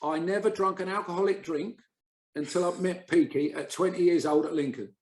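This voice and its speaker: A man's voice: sits high, brisk, darkish tone. A man, a former footballer, telling anecdotes in casual podcast chat and acting out the people he quotes. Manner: chatty anecdotal storyteller, acts out quoted voices. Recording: roomy echo.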